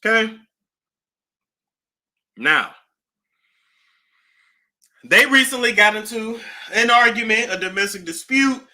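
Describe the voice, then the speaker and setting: A woman hosting a casual celebrity gossip talk, animated, with nervous laughter and dramatic gasps. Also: a little high, moderate pace.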